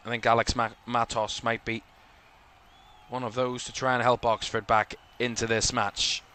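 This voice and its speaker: A man's voice: medium pitch, little pitch movement, normal speed, pushed and bright, clean tone. A man with a Northern Irish accent from Belfast, hosting live watchalong commentary in a rambling way, full of fillers. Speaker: host.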